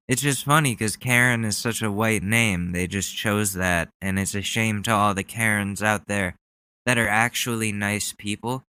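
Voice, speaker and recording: A man's voice: on the low side, pushed and bright, clean tone, dry recording. A young man hosting a podcast, rambling in casual, sarcastic commentary with plenty of swearing. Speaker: podcast host.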